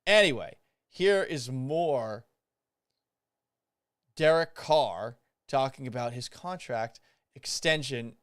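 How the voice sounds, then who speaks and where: Animated, smooth-voiced male sports host. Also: sits high, dry recording, studio quality. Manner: animated, sarcastic, swears for emphasis. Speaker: podcast host. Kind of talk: sports talk show monologue.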